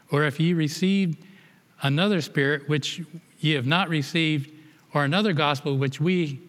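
A man's voice: fairly high pitch, a bit bright, big-room sound. A man leading a Bible study lesson, reading verses aloud and explaining them to a group, often rereading and restarting phrases.

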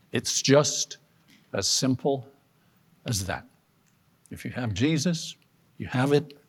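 A man, a pastor, teaching a Bible study class in an earnest way, asking rhetorical questions, his loudness rising and falling. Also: medium pitch, expressive, takes it slowly, long pauses, breathy edge.

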